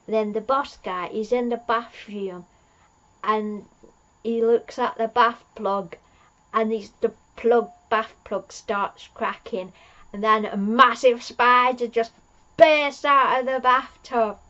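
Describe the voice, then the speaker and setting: A woman's voice: fairly high pitch, fairly even intonation, slow, a bit bright, lo-fi sound. A woman recapping an episode in a rambling, chatty way, laughing at her own jokes. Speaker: fan reviewer.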